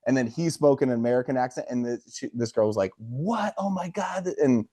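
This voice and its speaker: A man's voice: medium pitch, fast talker, warm tone, no echo. A man in his thirties co-hosting a podcast, telling rambling anecdotes in an easygoing way. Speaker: podcast co-host. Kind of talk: casual chat.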